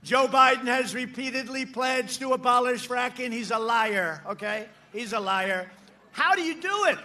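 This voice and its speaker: High, bright-voiced man shouting at a rally. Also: moderate pace. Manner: boastful, mocking, repetitive, shouting over a crowd. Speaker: politician addressing a rally crowd. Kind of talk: campaign rally speech. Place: large outdoor rally.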